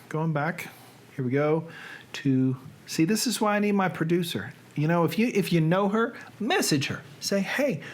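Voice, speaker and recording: A man with a Southern accent talks to his live stream audience in chatty, self-deprecating asides. He reads poetry slowly and theatrically, stretching words and leaving long pauses. His voice sits a little high for a man, and his delivery is unhurried. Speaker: live stream host reading aloud. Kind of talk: casual live stream chat and slow dramatic poetry reading.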